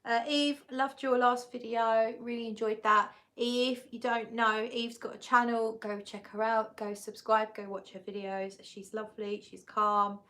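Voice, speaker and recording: A woman's voice: fairly high pitch, flat delivery, a little slow, hardly any pauses, fairly bright tone. A woman hosting a live stream, chatting casually as she reads out viewer comments, giggly and often correcting herself. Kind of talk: casual chat.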